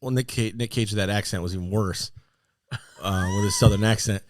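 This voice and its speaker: A man co-hosting a casual podcast chat, rambling with lots of fillers and sudden excited outbursts. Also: on the low side, fairly quick, slight background noise. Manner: animated, excitable bursts between rambling fillers. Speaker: podcast co-host.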